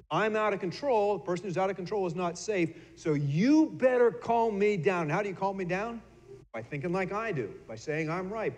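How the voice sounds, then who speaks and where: A man's voice: high-pitched, a little mellow. A middle-aged man giving a sermon as pastor, talking in a conversational way, often repeating words and acting out little bits of dialogue. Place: church sanctuary. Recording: long church reverb.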